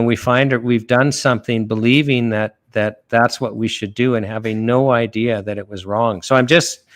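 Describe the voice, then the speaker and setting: A man from Canada, a lawyer guest on a talk show, earnestly retelling a parable in casual speech full of restarts and fillers. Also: medium pitch. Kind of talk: conversational podcast talk.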